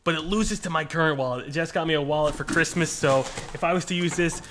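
Excitable man unboxing fan mail. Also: on the high side, fast, noisy background. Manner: excitable, rambling, jokey. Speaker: channel host. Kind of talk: casual unboxing chat.

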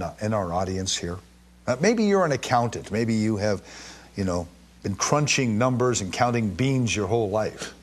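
A man from Jerusalem teaching the Bible to a live and streaming audience, reading verses with emphatic stress and stumbling through quick restarts. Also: on the low side, breathy edge.

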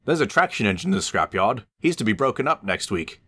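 A man's voice: fairly low pitch, very animated, brisk, pushed and bright, dry recording, voice pushed up, heavily acted. A man voicing a kind, anxious male steam engine in a storybook reading, speaking earnestly and pleadingly.

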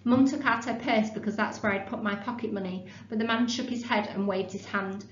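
A woman teacher reads a story aloud in clear, expressive tones, then explains the class task. Her voice sits at a middling pitch. The classroom sound is echoey and slightly dull. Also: fairly quick, few pauses.

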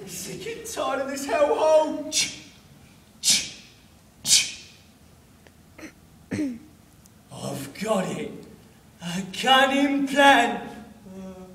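A man's voice: extremely high pitch, slight background noise, exaggerated voice. A young man playing a dim-witted, cheerful army private in a solo school drama performance, talking in a simple, eager way. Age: young adult. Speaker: drama student. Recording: echoey room, far camera.

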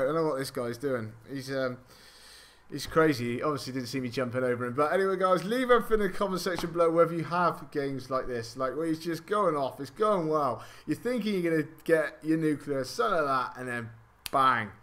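Bright-voiced man giving game commentary. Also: fairly high pitch. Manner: excitable, swears often, mocks his own play. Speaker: gaming channel host. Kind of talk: live gameplay commentary.

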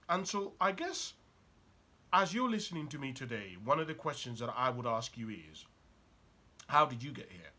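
Husky-voiced man firing questions. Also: a little high, expressive, normal speed, sharp tone. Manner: urgent and probing, fires rhetorical questions at the listener. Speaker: motivational speaker and author. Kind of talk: motivational talk.

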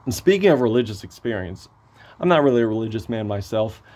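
Hoarse, excitable man reviewing music. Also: fairly low pitch, fairly quick. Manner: excitable, swears, gushing praise. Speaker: album reviewer. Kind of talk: casual enthusiastic review.

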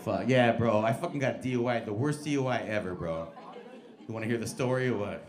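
A man's voice: mid-range voice, fairly quick. A man in his forties doing stand-up crowd work on a comedy club stage, brash and profane as he teases the audience. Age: 40s. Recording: echoey club with crowd noise. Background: laughing club audience.

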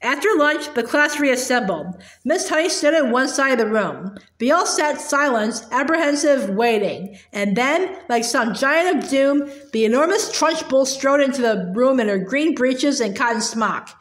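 A woman reading a children's storybook aloud with lively storytelling, in an echoey room. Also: high-pitched, normal speed, few pauses. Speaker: reader.

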